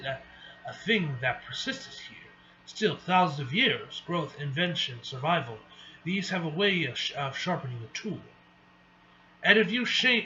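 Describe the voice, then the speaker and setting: A man reading the lines of a stern warrior leader in a grave, halting manner. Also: fairly high pitch, pushed and bright. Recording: dull lo-fi with faint hiss.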